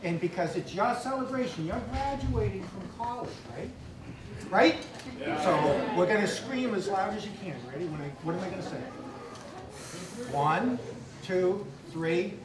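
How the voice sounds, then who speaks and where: A man's voice: high-pitched, fairly quick. Man cheering on a graduation crowd. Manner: energetic, leads the crowd in cheers. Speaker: economics teacher. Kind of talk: speech at a graduation ceremony. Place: large hall with crowd. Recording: roomy hall, distant mic, loud crowd.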